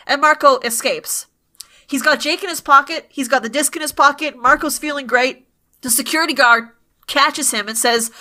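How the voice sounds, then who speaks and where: A chatty woman hosting a podcast, recapping episodes with laughs and the odd swear. Her voice sits a bit high and sounds bright and forward. The talk is loose and casual. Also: normal speed. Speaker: podcast host.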